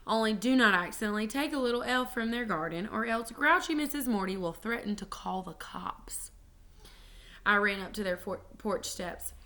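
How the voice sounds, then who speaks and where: A woman reads a children's chapter book aloud with a bright, clear voice. She tells it expressively and keeps going through small slips and restarts. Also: mid-range voice. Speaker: reader.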